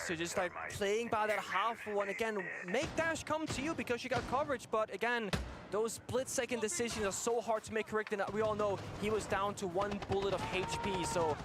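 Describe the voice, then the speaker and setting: A man's voice: high-pitched, background noise. A man giving live tactical analysis of an esports match.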